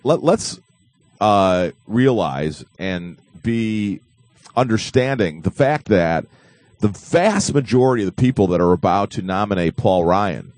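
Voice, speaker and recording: Lively, low-voiced man hosting a show. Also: measured pace, no room sound. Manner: jokey, rambling, with many fillers and restarts. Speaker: host. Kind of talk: casual live online talk show.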